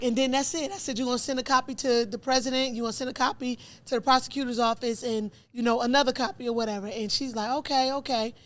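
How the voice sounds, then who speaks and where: A middle-aged woman recounts her life candidly in an interview. Her fairly high voice leaps higher when she acts out what people said, and she talks with lively, emotional energy. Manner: animated, acts out dialogue with rising pitch. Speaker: podcast host telling her own story.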